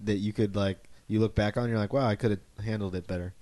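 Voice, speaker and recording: A man's voice: lowish voice, fairly even intonation, quick pace, darkish tone. A young man co-hosting a casual podcast, joking and laughing between remarks. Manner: joking, laughs often, restarts sentences. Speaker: podcast co-host. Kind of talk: casual chat.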